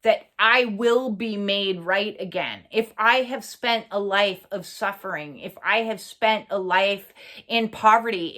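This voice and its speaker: Slow, halting woman speaker. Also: medium pitch, bright, forceful tone. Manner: earnest, halting, many fillers and pauses; blunt, swears for emphasis. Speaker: spiritual channel host. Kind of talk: reflective personal monologue.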